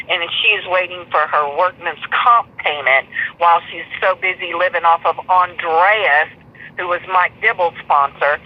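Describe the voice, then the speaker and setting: A woman's voice: on the low side, highs cut off. A woman guest in a live stream interview, telling a long story in a blunt, profane, rambling way.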